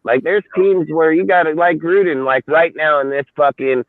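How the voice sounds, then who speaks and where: A man's voice: a little high, steady tone, moderate pace, no echo. Profane man ranting on a tinny line. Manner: profane, heated, rambling. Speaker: co-host. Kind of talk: casual sports chat. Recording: dry tinny phone-like line.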